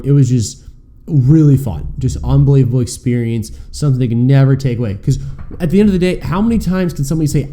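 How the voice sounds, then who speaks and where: Man, podcast guest, dark warm voice, mid pitch, animated storytelling, laughs a lot. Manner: animated storyteller, laughs often, many fillers and repeats. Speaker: guest, sports fan. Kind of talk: casual podcast interview.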